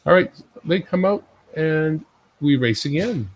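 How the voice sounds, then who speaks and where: A man's voice: a little high, expressive, a little slow, poor audio. A man hosting a casual live stream, commenting in a joking, self-mocking, chatty way. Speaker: livestream host.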